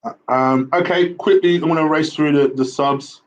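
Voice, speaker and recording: A man giving casual football player ratings, relaxed and a little hesitant with many fillers. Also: on the high side, normal speed, highs cut off. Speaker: host football pundit.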